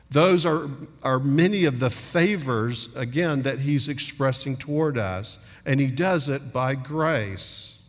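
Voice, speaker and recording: A middle-aged man preaching a sermon earnestly, acting out little dialogues as he speaks. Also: mid-range voice. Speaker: pastor. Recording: long hall reverb.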